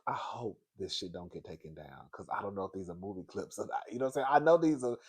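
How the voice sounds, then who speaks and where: Excitable gossipy man vlogging. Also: fast talker, slightly rough. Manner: animated and gossipy, often calling viewers girl and baby; excitable, jumping into a high, laughing voice. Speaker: vlog host. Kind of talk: casual pop culture gossip commentary.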